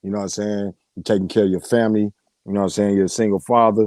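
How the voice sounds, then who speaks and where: Laid-back slangy man with a mellow voice. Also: lowish voice, level tone, racing, no echo. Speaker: co-host of a sports talk show. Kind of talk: casual sports chat.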